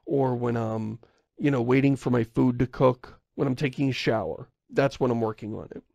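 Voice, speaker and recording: A man's voice: mid-range voice, moderate pace, creaky, a little mellow, no echo. A man co-hosting a podcast in casual chat, rambling and correcting himself as he goes, often chuckling. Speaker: podcast co-host.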